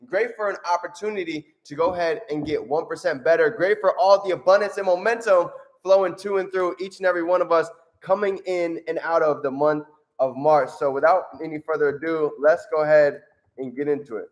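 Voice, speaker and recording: A man hosts a motivational video, upbeat and energetic. His voice sits high. He keeps checking in with "right?" as he tells his story. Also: brisk. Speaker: motivational vlogger.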